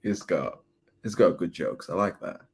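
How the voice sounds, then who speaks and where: A man's voice: low-pitched, expressive, normal speed, creaky, slightly rough. A man hosting a reaction video, giving a thoughtful, reflective commentary. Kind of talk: casual commentary.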